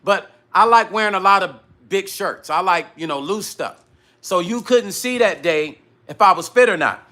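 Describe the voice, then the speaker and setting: A middle-aged man's voice sits high and bright as he hosts his own live stream. He tells the story casually and animatedly, acting out what people said and swearing freely. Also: normal speed. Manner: animated retelling that acts out dialogue, with frequent profanity. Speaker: musician hosting his own live vlog.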